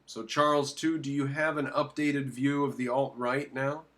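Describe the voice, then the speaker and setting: Male commentator reacting to a clip, mid-pitched, emphatic, answers his own rhetorical questions. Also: little pitch movement, normal speed, a bit bright. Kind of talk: opinionated commentary.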